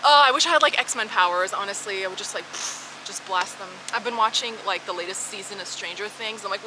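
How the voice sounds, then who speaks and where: A young woman vlogger telling her own stories in a frank, animated way, swearing and laughing as she goes. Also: medium pitch, brisk, hardly any pauses, background noise. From Canada. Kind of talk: casual storytelling to camera.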